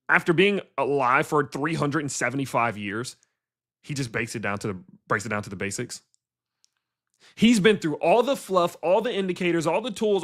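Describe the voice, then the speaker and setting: A male crypto streamer in a loose, rambling rant. He talks bluntly, throws in swear words and keeps asking his audience questions. His voice sits at an ordinary middle pitch. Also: fairly bright tone. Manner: blunt and profane, with rhetorical questions to viewers. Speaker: crypto livestream host. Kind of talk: casual livestream rant.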